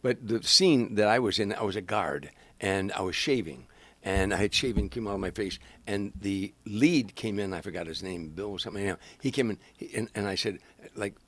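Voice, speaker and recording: Older comedian telling stories, dry sound. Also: male voice, lowish voice, a little fast, no room sound. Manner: animated storyteller, acts out quoted voices. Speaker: stand-up comedian and guest. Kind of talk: anecdotal storytelling in an interview.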